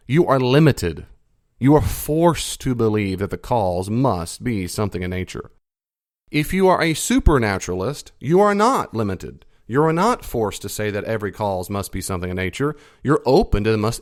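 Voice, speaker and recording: A man with a lowish voice hosts a podcast in an explanatory lecture style. He leans hard on stressed words, drawing some out slowly and repeating key phrases for effect. His pitch jumps sharply upward when he drives a point home. The recording is close and dry. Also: dry recording. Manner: lively swings in pitch for emphasis. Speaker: podcast host.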